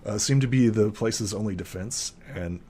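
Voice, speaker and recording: A man's voice: fairly low pitch, normal speed, warm tone, a little hiss or hum. Rambling young male game master. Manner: rambling, heavy with fillers. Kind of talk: narrating a tabletop game.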